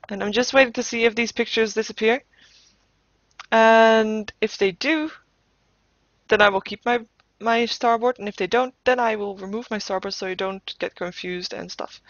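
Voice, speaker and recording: A woman's voice: medium pitch, fairly bright tone, no room sound. A woman giving live game commentary as caster, thinking aloud with playful asides and frequent restarts. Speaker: esports caster. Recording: dull lo-fi recording.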